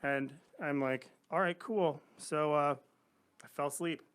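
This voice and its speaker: Man, middle-aged, podcast guest, lively storyteller, acts out voices. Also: fairly high pitch, measured pace, clean tone. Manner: animated anecdotes, acts out quoted voices. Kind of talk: casual storytelling.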